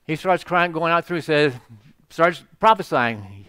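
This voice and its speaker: A man's voice: fairly high pitch, animated, unhurried, sharp tone, clean tone, no room sound, studio quality. A man preaching a sermon in a casual, joking storytelling way, full of "you know" asides. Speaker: pastor.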